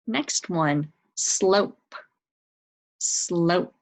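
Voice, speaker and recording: A woman leads young children through a spelling lesson. She speaks very slowly in a slightly low voice. She sounds out each word and spells it letter by letter with patient encouragement. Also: rough recording. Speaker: teacher.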